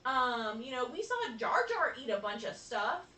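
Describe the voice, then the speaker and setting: A woman co-hosting a casual chat, animated and laughing often. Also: sits high, normal speed, roomy sound, far from the mic, slight background noise. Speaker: podcast co-host.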